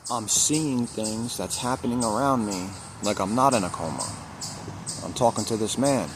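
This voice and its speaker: A man's voice: fairly low pitch, noisy background. A man candidly telling a personal story to camera, repeating phrases for emphasis and swearing now and then. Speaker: recovery vlogger.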